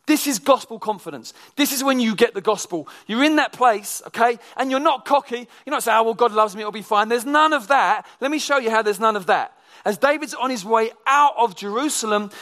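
A male preacher delivering a sermon, moving between animated emphasis and quiet, almost whispered intensity. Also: extremely high pitch. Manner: shifts from animated to hushed, near-whispered intensity.

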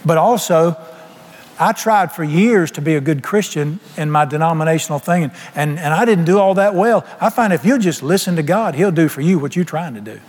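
A man with a somewhat high, darkish voice preaches a sermon in a church sanctuary, speaking briskly with lively intonation. His delivery is folksy and humorous, full of plain colloquial speech. The recording carries a long hall reverb and faint music.

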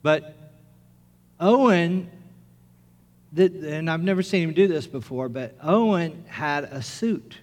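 A middle-aged man, a pastor, preaching a sermon in an earnest storytelling manner, rising to loud excitement as the story builds. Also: medium pitch. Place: church sanctuary. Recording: reverberant church with music.

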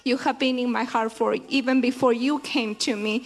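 A woman sharing a heartfelt personal faith testimony in a church group, earnest and halting, with frequent restarts. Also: a little high, steady tone.

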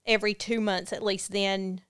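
A woman guest in a podcast interview, telling a personal story in an earnest, candid way with halting fillers. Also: mid-range voice, level tone, fairly bright tone, smooth.

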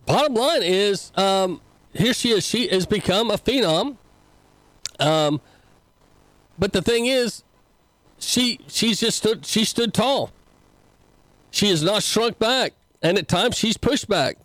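A man's voice: sits high, expressive, takes it slowly, pauses often, fairly bright tone, no echo, low-quality recording. A man hosting a talk show as a pastor, mixing folksy preaching with casual political commentary and many fillers. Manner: folksy, conversational, with frequent fillers and restarts.

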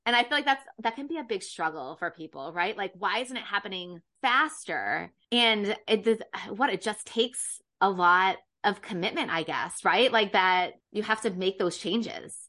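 A woman's voice: mid-range voice, expressive, normal speed, hardly any pauses, pushed and bright. A woman hosting a podcast, chatting casually and sharing her own experience with her guest. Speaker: podcast host. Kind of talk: casual interview chat.

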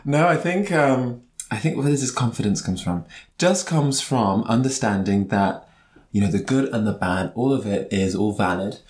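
A man's voice: fairly low pitch, expressive, moderate pace, roomy sound. Camp young man, theatrical. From Birkenhead, Merseyside. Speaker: guest, writer. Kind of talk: casual chat. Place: home kitchen.

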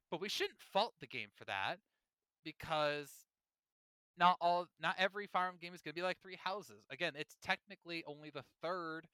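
A man with a bright, crisp, fairly high voice chats animatedly as a podcast co-host. He talks in a loose, excited way, often restarting his sentences. The sound is dry and close on the mic. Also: no room sound. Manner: animated and chatty, with frequent restarts and laughter. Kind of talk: casual gaming podcast chat.

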